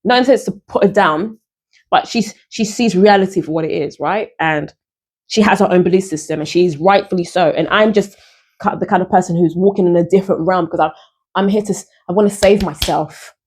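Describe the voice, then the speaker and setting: Her voice is lowish, husky and a little mellow, and she talks a little fast. A singer and vlogger, she reflects casually on what she's lived through in earnest, spiritual self-talk, often repeating herself and starting phrases over.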